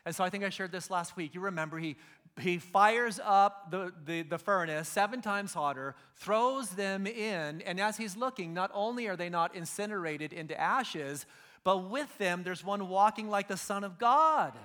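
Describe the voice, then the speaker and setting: A man's voice: high voice, moderate pace, pushed and bright. A middle-aged man preaching a sermon, retelling Bible stories in casual slang and acting out the figures. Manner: casual storytelling, acts out biblical figures in slang. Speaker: pastor.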